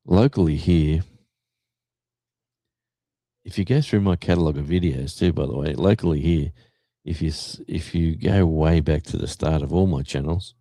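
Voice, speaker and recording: This Australian livestreamer has a deep, warm voice, and the recording has no room sound. Going through the chat, he talks loosely and rambles, often restarting and using fillers.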